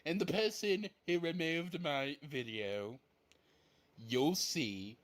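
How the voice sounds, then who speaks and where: A man's voice: on the high side, slow pace. Furious man ranting into the camera. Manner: furious, repetitive, swearing. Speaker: online ranter. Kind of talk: angry video rant.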